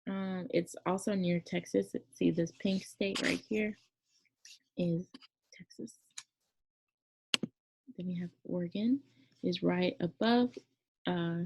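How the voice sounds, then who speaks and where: This woman, teaching a relaxed class near Memphis, Tennessee, has a lowish, creaky voice with a breathy edge. Her talk rambles chattily, packed with fillers and self-corrections, and the sound is dull and lo-fi.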